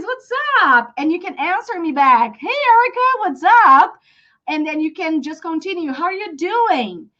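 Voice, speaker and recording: A Brazilian woman with a Portuguese accent teaching a live online English lesson, chatty and full of fillers. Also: sits high. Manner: chatty, explains with many fillers and apologies. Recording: dull lo-fi stream audio.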